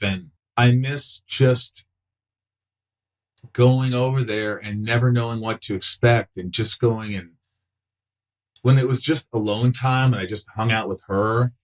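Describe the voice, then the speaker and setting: A middle-aged man chatting on a podcast with a fairly low voice. He tells stories with energy and jumps into different voices when he quotes people. His language is loose and full of swearing. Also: low-quality recording. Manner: animated, acts out quotes in voices, swears freely. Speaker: podcast guest, actor. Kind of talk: casual conversation, storytelling.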